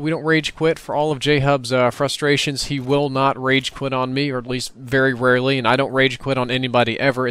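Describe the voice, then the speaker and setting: A man's voice: medium pitch, a bit bright, smooth, no echo. A man from the United States talking casually through his own gameplay footage in a rambling, wry commentary. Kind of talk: recorded gameplay commentary voice-over.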